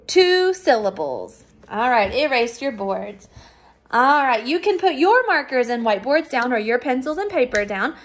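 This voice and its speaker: A woman teacher giving a recorded phonics lesson for children, patient and sounding out words slowly. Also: high voice, very animated.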